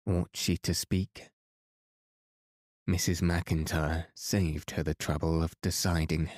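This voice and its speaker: A man reads a bedtime story slowly and calmly for sleep. His voice is very low, mellow and even, with little rise and fall. The sound is dry and close to the mic. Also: no echo. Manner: slow, calm and even. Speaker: podcast host and reader.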